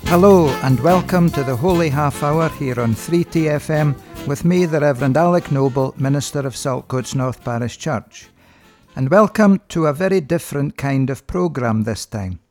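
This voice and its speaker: A middle-aged man, a minister hosting a religious radio programme, speaking in a measured, earnest, rhetorical way. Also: a little high, a little mellow, soft background music.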